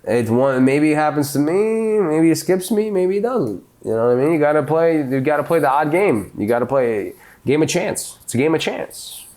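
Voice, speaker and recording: A man co-hosting a podcast, telling crude, animated stories in casual comedic chat and swearing freely. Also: on the high side, moderate pace. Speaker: podcast co-host.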